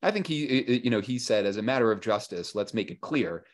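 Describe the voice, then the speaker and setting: This guest, a historian and author, talks casually in an interview, performing quotes from historical figures amid frequent fillers and restarts. His voice is on the low side, animated and a little fast.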